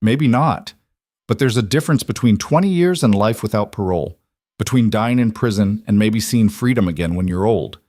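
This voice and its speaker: A determined dad hero in an audiobook thriller, low voice, steady and persuasive, as a narrator puts him on. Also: male voice, normal speed, no echo, clean studio sound. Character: determined single father, steady under pressure.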